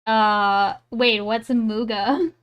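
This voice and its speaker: A woman's voice: on the high side, steady tone, takes it slowly, clean tone, lo-fi sound. A woman streamer chatting casually and laughing while reacting live. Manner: giggly, rambling, self-deprecating.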